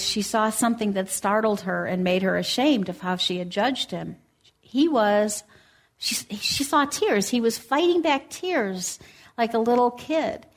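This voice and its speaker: A woman preaching a sermon, telling a story in a gentle, earnest way and reading scripture aloud. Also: on the high side.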